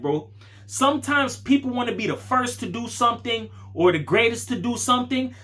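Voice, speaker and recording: A man's voice: high-pitched, bright, forceful tone. A man hosting his channel, giving a casual motivational talk in slangy street speech, calling the listener dog and bro. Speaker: channel host.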